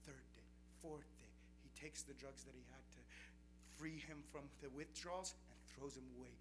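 A man's voice: mid-range voice, normal speed. A young adult man preaching a sermon, telling testimonies in an earnest storytelling way. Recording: noisy recording with steady background noise.

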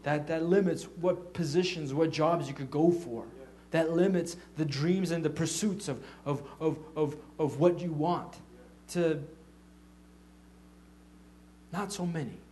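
A man delivers a casual, heartfelt sermon built from personal stories. His voice sits a little high for a man, and he trips into repeated restarts as he talks. He brings the tale to life by acting out the lines of the people in it. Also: a little slow, hardly any pauses. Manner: animated storytelling, acting out quotes; frequent stammered restarts. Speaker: church leader. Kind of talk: informal testimony sermon.

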